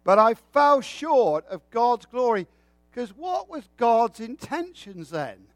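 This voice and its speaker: High-voiced man preaching slowly. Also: very animated, dry recording, soft background music. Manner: folksy, joking storytelling. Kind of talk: sermon.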